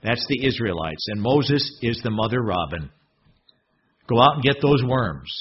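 A man preaching a sermon in a husky voice, expressive and fond of rhetorical questions. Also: mid-range voice, measured pace. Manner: expressive, rhetorical questions, swings from loud to hushed. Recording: dull lo-fi recording.

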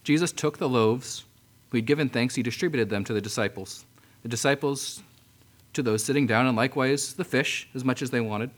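A man preaching a sermon in a mid-pitched voice, working through scripture verse by verse. He talks conversationally, restarting phrases and clearing his throat now and then. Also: fairly quick. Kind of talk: sermon, reading and explaining scripture.

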